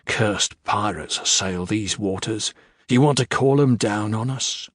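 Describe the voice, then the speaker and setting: A man voicing a gruff, superstitious old male sailor who snarls his warnings low. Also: a little slow, dry recording, studio quality. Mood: ominous.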